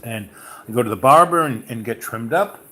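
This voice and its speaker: A man's voice: mid-range voice, expressive, normal speed, pushed and bright. A man hosting a podcast, telling a personal story in a casual, rambling way full of fillers and restarts. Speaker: podcast host.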